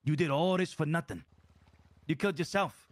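A man's voice: fairly high pitch, fairly quick, no echo. A man in a heated improvised roleplay, urgent and accusatory, repeating himself. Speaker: crew member in roleplay.

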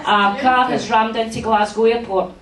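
A woman's voice: on the high side, fairly even intonation, moderate pace, heavy background noise, close to an everyday voice. A Glaswegian woman doing an impression of a dour, stiff male politician, grave and stiff. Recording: echoey, distant venue sound.

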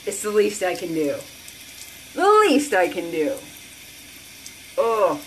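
A woman hosts an enthusiastic sales chat, her voice swooping high and low as she exclaims over each deal. She gushes in breathless bursts and repeats her phrases for emphasis. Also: animated, slow pace, slight background noise. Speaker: host selling beauty products. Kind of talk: excited sales chat to viewers.

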